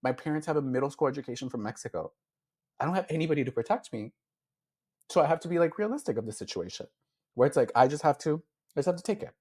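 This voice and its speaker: A man's voice: a little high, expressive, fast talker, a little mellow, breathy edge. A beauty influencer, a man, speaking as an interview guest, telling his story in a heartfelt way with many fillers and acting out his own past thoughts. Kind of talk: candid emotional interview.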